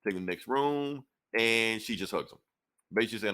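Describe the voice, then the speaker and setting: A man co-hosting a casual comic book review podcast, retelling the plot in an animated way and acting out the characters' lines. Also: fairly low pitch. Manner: animated retelling that acts out characters' lines in quick quoted snippets.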